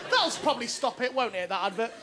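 A man tells a stand-up story in a high, lively voice that swoops as he acts out other people. A loud studio audience laughs around him, with noise in the background. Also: brisk, over a noisy crowd. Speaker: stand-up comedian. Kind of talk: stand-up anecdote. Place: TV studio before a live audience.

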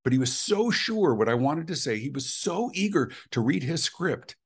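A man's voice: fairly high pitch, very animated, normal speed, breathy edge. A middle-aged man speaking intensely and emphatically as an interview guest on customer experience. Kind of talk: animated interview answers.

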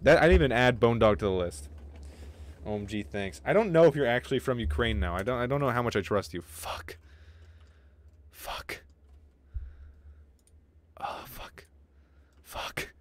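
A man streaming a game live, with casual, excitable commentary, lots of swearing and remarks aimed at his chat. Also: mid-range voice, fast talker. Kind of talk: casual livestream gaming commentary.

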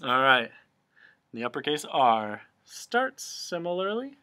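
A man's voice: mid-range voice, very animated, takes it slowly, sharp tone. A man teaching a remote cursive handwriting lesson, explaining each stroke patiently, step by step.

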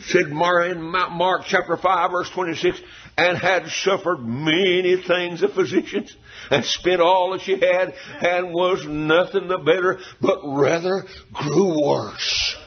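A man preaching an old-time revival sermon with a high, ringing voice that keeps climbing into fervent shouts and sung phrases. The recording sounds dull and lo-fi, as if taped on modest gear. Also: steady tone, slow pace. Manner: fervent, shouting and half-singing in surges.

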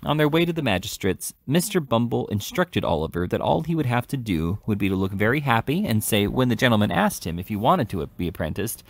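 A man reading a classic novel aloud, steady, with occasional self-corrections. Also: medium pitch, fairly quick, hardly any pauses, no room sound. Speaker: audiobook reader.

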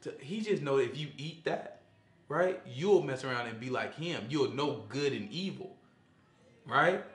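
Animated man teaching in an echoey room. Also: medium pitch, measured pace. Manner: animated, conversational, acts out quotes. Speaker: Bible study teacher. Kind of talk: casual Bible study teaching.

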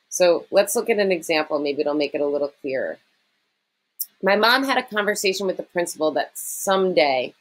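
Woman teacher explaining grammar, lowish voice. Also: low-quality recording. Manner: conversational, explains step by step with frequent okay and um. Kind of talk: recorded writing lesson.

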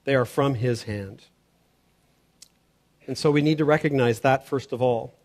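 A man's voice: mid-range voice, measured pace, darkish tone. A man preaching a sermon as pastor, earnest and emphatic, often stammering on the start of a word. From Canada.

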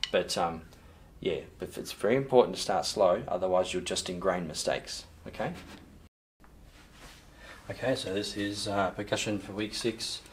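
A low-voiced man at a moderate pace gives a recorded drum lesson, with a little hiss or hum audible. He counts in and calls sticking patterns loudly over the playing, then calmly and patiently walks through the technique.

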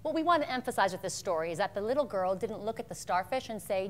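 A woman co-hosting a comedy show, telling scripted bits in a brisk, expressive way. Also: mid-range voice. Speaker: co-host.

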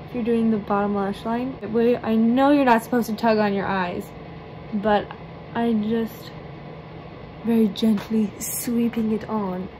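A woman hosting her own makeup video, chatty and playful as she talks through each step. Her voice sits a little high, and faint background noise runs under it. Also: a little mellow, poor audio. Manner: bubbly and playful, chatty asides. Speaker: makeup vlogger.

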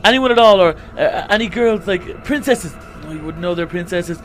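A man's voice: sits high, moderate pace, a bit bright, faint music behind. A man voicing an anxious, talkative young male shark hero in a Minecraft role-play, stammering and rambling when scared. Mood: flustered rambling.

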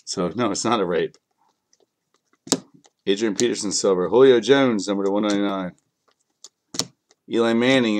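A man's voice: fairly low pitch, moderate pace, long pauses. A man with kids, a bit sick, hosting a live card break in a casual, joking way and talking to viewers by name. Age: adult, has kids. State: a bit sick, clearing throat.

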